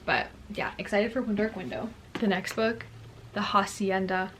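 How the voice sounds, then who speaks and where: Here a young adult woman vlogs about books in a casual, bubbly way, peppering her talk with "like" and "girlie." Her voice is mid-range and her pace moderate. Slight background noise can be heard.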